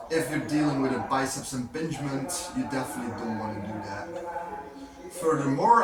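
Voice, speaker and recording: A man filming his own workout and explaining his training step by step in a casual vlog, at times out of breath between sets. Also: medium pitch. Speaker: fitness vlogger. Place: gym, indoors. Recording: echoey room, voice from far off, clear background noise.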